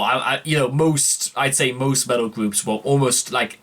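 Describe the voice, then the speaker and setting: A man, hosting a music reaction video in a rambling, self-correcting, chatty way. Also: mid-range voice. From northeast England. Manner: rambling, self-correcting, keeps calling out "ladies and gentlemen". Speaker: music reaction channel host. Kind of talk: casual reaction commentary.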